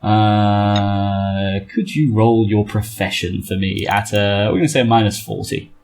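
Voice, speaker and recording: A man narrating a tabletop game as game master, slow and measured, breaking into laughs between descriptions. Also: on the low side, creaky, slight background noise.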